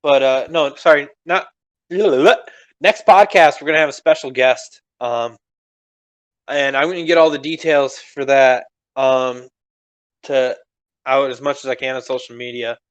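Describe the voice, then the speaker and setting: A young man chats loosely on a podcast, rambling from one thought to the next and swearing as he goes. His voice sits in a middle pitch, a little strained from recent screaming, and he laughs often. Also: steady tone, measured pace, clear, resonant tone, lo-fi sound. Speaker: podcast co-host. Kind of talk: casual chat.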